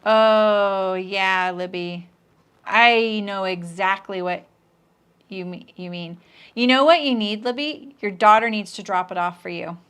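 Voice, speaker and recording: A middle-aged woman talks casually to her viewers during a live sewing stream, answering comments and joking. Her voice sits at an ordinary pitch, and she restarts her sentences often and drops into quiet asides. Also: a little slow, clean tone. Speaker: sewing pattern designer hosting a live stream.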